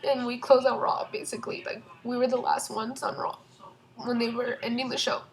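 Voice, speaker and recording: A young woman telling a storytime vlog from home in a casual, excited way, rambling with lots of fillers and restarts. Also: a little high, brisk, poor audio. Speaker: vlogger.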